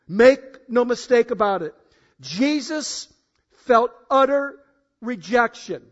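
A high-pitched male pastor preaches to his congregation, booming on key phrases and then dropping to low, intimate asides. He talks straight to the people in the room. The recording is dull and lo-fi. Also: lively intonation, slow. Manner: emphatic, swings between loud declarations and low asides; addresses congregation directly, asks for show of hands. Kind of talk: sermon. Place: church in front of a congregation. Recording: dull, lo-fi sound.

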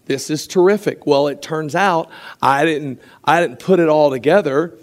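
A man preaching a sermon, telling lively stories and acting out quotes, with frequent restarts. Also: on the high side, unhurried. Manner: animated storytelling with acted quotes and frequent restarts.

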